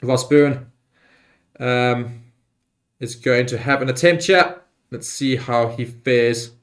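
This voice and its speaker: A man hosting a live rugby watchalong, talking loosely with many fillers and getting excited on big plays. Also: mid-range voice, slow pace. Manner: rambling with fillers and restarts. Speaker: livestream host. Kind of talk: live match watchalong commentary.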